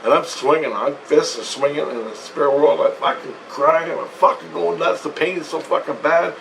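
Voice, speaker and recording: A man's voice: fairly high pitch, normal speed, vocal fry, a bit bright. Man swearing through an emotional story. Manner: profane, emotional, rambling with restarts. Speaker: vlogger recounting a spiritual experience. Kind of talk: casual storytelling to viewers. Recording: distant mic with faint ambient noise.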